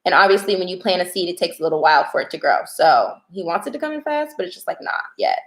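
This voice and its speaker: A young American woman reading tarot cards and chatting casually with viewers on a livestream, excitable and talkative. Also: on the low side, fast talker, reverberant. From United States. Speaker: tarot reader.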